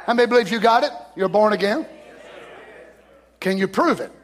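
A man in his sixties preaching a sermon, fervent, often shouting, then dropping to a hush. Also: high-pitched, animated, normal speed. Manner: fervent, often shouting, swings between loud and hushed. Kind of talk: revival sermon.

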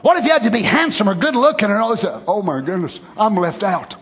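High-voiced folksy preacher man. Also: sing-song, fast talker, fairly bright tone, husky. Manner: folksy, conversational preaching that swells into emphatic exclamations. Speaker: pastor. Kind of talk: sermon.

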